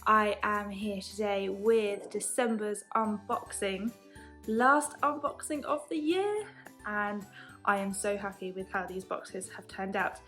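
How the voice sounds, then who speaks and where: Chatty woman vlogging fast. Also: medium pitch, fairly even intonation, a bit bright, soft background music. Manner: chatty, fast-talking, apologetic asides. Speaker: sewing subscription box maker. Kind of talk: casual unboxing vlog.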